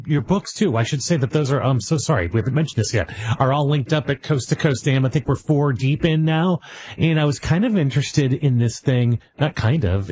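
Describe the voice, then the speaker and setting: Husky-voiced man hosting a radio interview. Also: medium pitch, a little mellow. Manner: conversational, eager questions with fillers. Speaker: radio show host. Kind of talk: late-night radio interview.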